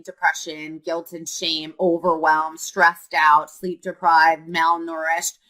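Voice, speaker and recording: Bright-voiced woman giving earnest advice. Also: lowish voice, rough recording. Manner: earnest, repeats "right?" often, filler "um". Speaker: mom coach. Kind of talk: casual advice vlog.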